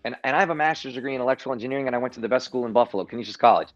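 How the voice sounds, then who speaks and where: Animated man riffing on politics. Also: medium pitch, racing, lo-fi sound, faint music behind. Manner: animated storytelling, frequent restarts and repeats. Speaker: guest. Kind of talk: political commentary on a livestream. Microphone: video call.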